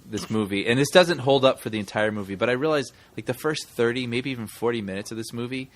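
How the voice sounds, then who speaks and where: A man's voice: medium pitch, fast talker. A man co-hosting a podcast, joking through a movie review and slipping into goofy voices for his bits. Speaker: podcast co-host. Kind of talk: casual movie review chat.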